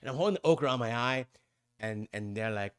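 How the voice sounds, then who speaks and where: A man in his fifties, a podcast guest, telling a long story in a rambling way and mimicking other people's voices with sudden high squeaks. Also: lively intonation, brisk, clean tone, no echo, clean studio sound. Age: 50s. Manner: rambling with many restarts and fillers. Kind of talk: conversational storytelling.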